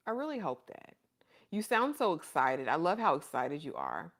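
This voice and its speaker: This livestream host, a woman, has a low-pitched voice with big pitch swings and talks at normal speed. Chatty and affectionate, she reads viewers' comments in a casual stream and calls them honey and baby.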